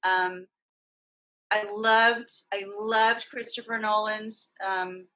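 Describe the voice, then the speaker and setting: A woman's voice: mid-range voice, slow. A woman guest on a podcast, chatting casually and enthusiastically as a voice actress about superhero films. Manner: enthusiastic, animated fan talk.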